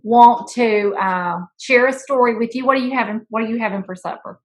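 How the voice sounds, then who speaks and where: A woman co-hosting a casual chat, telling a story with playful teasing and an animated delivery. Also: on the high side, brisk, poor audio. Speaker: school principal, podcast co-host.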